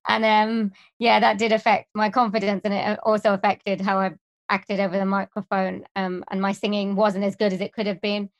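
A woman talks as a guest in a relaxed interview, her voice big and projecting. She speaks in a chatty, warm way and laughs easily, with her pitch in the middle of the female range. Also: fairly quick. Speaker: interview guest, singer and presenter. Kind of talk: casual interview chat.

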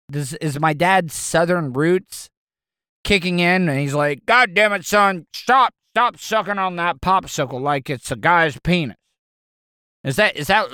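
A man's voice: a little high, a bit bright, clean tone, no room sound, clean studio sound. A man hosting a solo podcast, rambling with stammering restarts and crude jokes. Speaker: podcast host. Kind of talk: casual solo monologue.

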